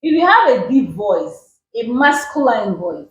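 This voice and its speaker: A Nigerian woman gives relationship advice in a high, lively voice that swoops up and down as she hammers each point home. She repeats herself for emphasis, and the room around her is echoey. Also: unhurried, dull audio. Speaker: relationship guest. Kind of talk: advice talk show chat. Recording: roomy echo.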